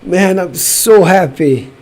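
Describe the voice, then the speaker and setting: A man from Brazil hosting a live watch-party stream from his home studio, shouting elated cheers between chatty remarks. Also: high-pitched, takes it slowly. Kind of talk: excited live-stream chat.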